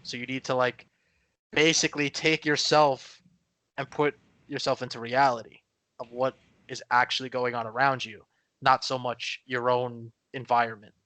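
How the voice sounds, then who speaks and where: Bright, dry-voiced man chatting casually. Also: mid-range voice, flat delivery, moderate pace, no echo. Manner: rambling, many fillers and restarts. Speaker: podcast co-host. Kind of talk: casual chat.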